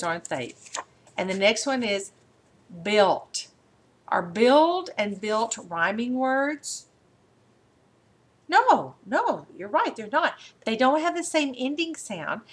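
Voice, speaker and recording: Patient woman teacher, slow and encouraging, sounding out phonics on a webcam. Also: fairly high pitch, fairly bright tone. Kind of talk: mock phonics lesson.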